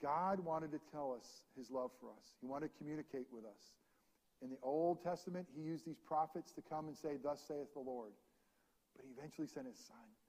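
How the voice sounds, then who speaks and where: A man preaching a sermon as pastor, reading scripture aloud and swinging between ringing proclamation and hushed, intimate passages. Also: a little high, brisk, husky. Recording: long reverb of a large hall.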